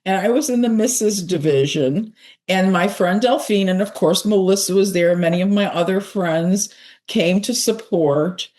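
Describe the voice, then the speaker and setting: A woman's voice: medium pitch, normal speed, a little mellow. An older woman co-hosting a casual fashion chat, talking in a rambling, playful way. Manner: chatty, rambling, playful repetitions. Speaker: co-host, senior style icon.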